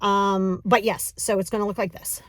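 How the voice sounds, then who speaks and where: A woman coaching a breathing exercise in a casual, encouraging, chatty way, counting slowly. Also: mid-range voice, little pitch movement, no room sound. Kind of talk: casual guided breathing lesson.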